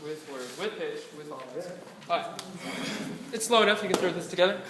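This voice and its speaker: A man's voice: sits high, lively intonation, brisk, noisy background. A man directing a choir rehearsal, patiently modeling words for the singers to repeat. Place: rehearsal room. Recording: echoey room from a distance with music.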